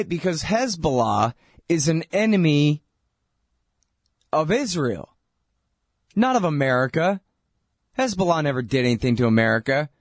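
A man's voice: a little high, big pitch swings, unhurried, pauses often, no room sound, studio quality. A man hosting a political talk show, delivering a sarcastic, heated commentary monologue.

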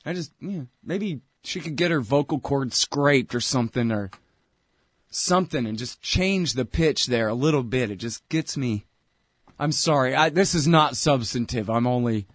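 Man, show host, exasperated rant, jumps from loud outbursts to low mutters, dry close sound. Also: lively intonation, moderate pace, no echo. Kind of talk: opinionated political commentary.

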